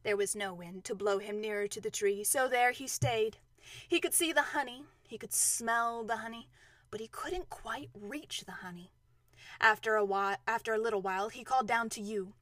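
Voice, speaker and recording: Woman storyteller, high voice, dry close recording, unhurried read-aloud. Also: fairly bright tone, dry recording. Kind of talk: storybook reading.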